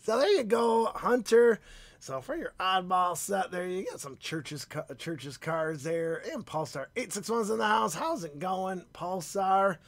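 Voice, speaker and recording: A man's voice: sits high, lively intonation, measured pace, no room sound. A man hosting a live card-opening stream, upbeat and chatty as he greets viewers by name, while his voice is phlegmy and starting to go. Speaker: card-breaking stream host.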